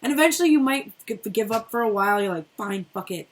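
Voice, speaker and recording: A woman's voice: fairly high pitch, animated, fast talker. A middle-aged woman giving a casual tarot reading, chatty and rambling, who swears freely. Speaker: tarot reader.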